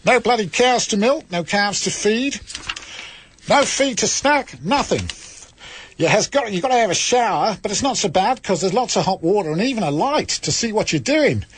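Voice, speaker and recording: A man voicing a tough young Australian farm girl in the army, in a mock Australian accent, with a husky, boastful delivery as he reads her letter home. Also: high voice, expressive, moderate pace, a little hiss or hum, voice pushed up.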